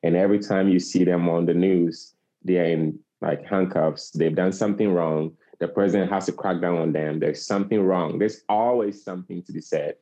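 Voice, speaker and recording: A man's voice: deep voice, fairly even intonation, moderate pace, dark tone. A man in his forties from Africa, a guest speaking earnestly and passionately, repeating phrases for emphasis. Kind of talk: earnest interview talk. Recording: slightly dull lo-fi recording.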